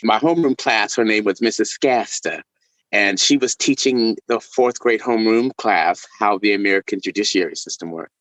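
A middle-aged man from Texas, a violinist guest, telling stories in a casual interview with laughs and animated delivery. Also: lowish voice, normal speed, no echo, rough recording. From El Paso, Texas.

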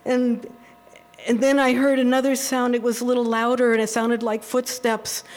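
A woman telling a true personal story at a live storytelling event, animated and often laughing as she talks. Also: a little high, fairly quick.

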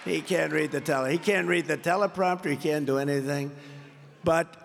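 An older man with a gravelly, fairly high voice works a rally crowd off the cuff. He rambles, repeats himself and boasts through his stories. His voice rings with long reverb from a large hall. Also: normal speed, a little hiss or hum. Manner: rambling, repetitive, boastful storytelling. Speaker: political candidate at a rally. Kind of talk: off-script campaign rally speech. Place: large indoor rally venue.

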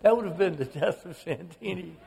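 A gravelly man in his sixties from the American South, telling family stories with relish as a radio interview guest. His voice sits a little high for a man and carries a long reverb. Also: brisk. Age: 60s. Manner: animated storyteller, slips into quoted voices. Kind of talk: storytelling interview.

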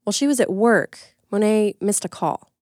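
A woman reporter giving calm, measured scripted narration. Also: medium pitch, no room sound, clean studio sound.

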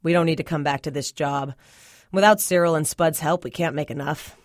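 A woman's voice: low voice, fairly even intonation, brisk, no echo, studio quality, lightly acted. A woman voicing a tired, stern father speaking to his wife. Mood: weary.

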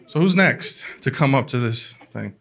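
A man telling a comic family story in an animated way, laughing along as he talks. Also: mid-range voice, gravelly, husky. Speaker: comedian. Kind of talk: comedic storytelling.

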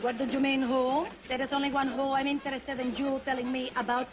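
A woman's voice: sits high, little pitch movement, fairly quick, crowd noise, natural voice. An actress playing a brash, arrogant Puerto Rican showgirl with a heavy accent and mangled grammar, in a film clip. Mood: indignant.

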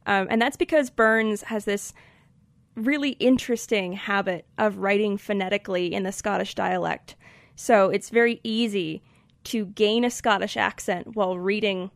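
A woman's voice: medium pitch, normal speed, gravelly, no echo. Woman, Colorado accent, podcast host, chatty and thoughtful, dry close sound. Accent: American, Colorado. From Colorado, USA. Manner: thoughtful, with fillers. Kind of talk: casual chat and poetry reading.

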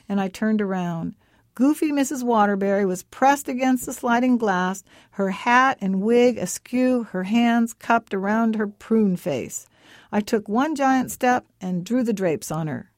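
A woman reading her own first-person story aloud, expressive and lively as she voices the characters' lines. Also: on the high side, measured pace, dry recording, clean studio sound.

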